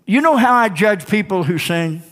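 A male pastor preaching a sermon in a church, emphatic and rising to shouts, calling for responses from the congregation. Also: sits high, animated, normal speed. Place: church sanctuary. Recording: long hall reverb.

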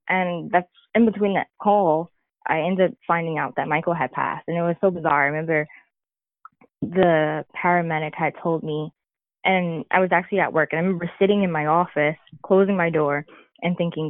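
A woman's voice: lowish voice, fairly quick, no echo. A woman speaking candidly and reflectively as a podcast guest, telling a personal story with occasional laughter. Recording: tinny phone-like line.

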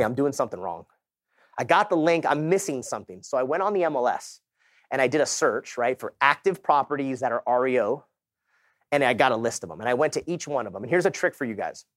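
A man's voice: mid-range voice, no echo, studio quality. A man in his thirties from Southern California giving a motivational sales talk, telling his story in casual, slangy words and acting out the people in it. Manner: animated storytelling, acts out quoted people. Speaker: keynote speaker.

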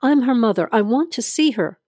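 A woman's voice: fairly high pitch, animated, brisk, darkish tone, no room sound, clean studio sound. A woman voicing a frantic mother at a hospital in an audio drama reading, urgent and pleading. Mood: anxious.

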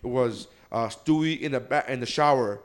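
A young man chatting casually with friends, swearing often and getting excited as he retells cartoon scenes. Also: medium pitch, moderate pace. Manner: excitable, swearing, laughing storyteller. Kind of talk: casual podcast chat.

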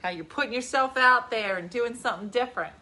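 A woman in her forties hosts a relaxed live stream from her home, talking into her phone. Her voice is bright and ringing, and she chats, teases and laughs easily. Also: fairly high pitch, fast talker. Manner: chatty, teasing, laughs often. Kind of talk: casual live-stream chat. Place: home at night. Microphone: phone camera.

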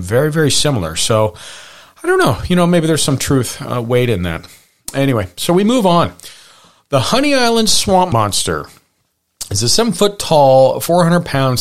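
A man hosting a podcast, chatting casually from his notes with plenty of fillers and wry little asides. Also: on the low side. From Pacific Northwest. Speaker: podcast host. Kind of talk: casual chat reading from notes.

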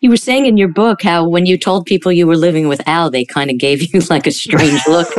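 A woman's voice: fairly low pitch, fairly quick, a little hiss or hum. A woman hosting an interview, asking long rambling questions with an easy laugh. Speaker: interviewer host. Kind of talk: conversational interview.

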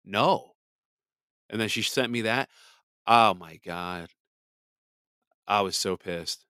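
A man's voice: on the low side, slow, pushed and bright, clear, resonant tone, no room sound. A man hosting a podcast, ranting in blunt, profane, heated commentary. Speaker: podcast host. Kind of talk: angry commentary.

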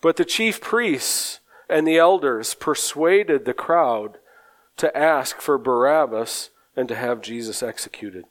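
A man preaching a sermon in a slow, earnest way, often repeating words as he gathers his thoughts. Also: medium pitch.

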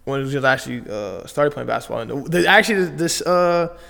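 A man's voice: a little high, expressive, quick pace, vocal fry, bright, forceful tone, big-room sound. A young man from Las Vegas, a basketball player telling his story in loose, slangy casual talk full of fillers and restarts. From Las Vegas, USA.

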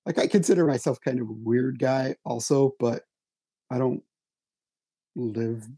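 A man's voice: mid-range voice, unhurried, dark tone, husky, dry recording. A man, a writer and stage actor, telling self-deprecating stories in a casual conversation.

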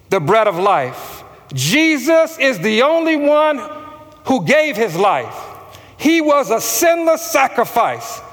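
This man's voice is very high and a little bright, trailing a long reverb tail. As a pastor delivering a sermon, he calls out questions for the congregation to answer back.

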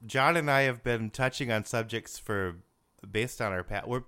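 A man's voice: mid-range voice, normal speed, bright, forceful tone, smooth. A man in casual podcast chat with old friends, jokey, laughing often and restarting his sentences.

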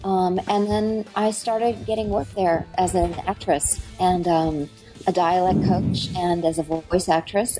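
A woman's voice: fairly low pitch, fairly even intonation, a little slow, over music, low-quality recording. A middle-aged woman, an actress and dialect coach, chatting eagerly in an interview with lots of fillers and restarts. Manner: enthusiastic, rambling, many fillers and restarts. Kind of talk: casual interview chat.

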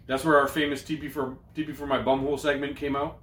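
A man's voice: medium pitch, flat delivery, fast talker, a bit bright, roomy sound, far from the mic. A man co-hosting a casual comedy podcast, joking around and swearing freely as he plugs merch. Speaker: podcast co-host. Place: studio, also streaming live on a phone.

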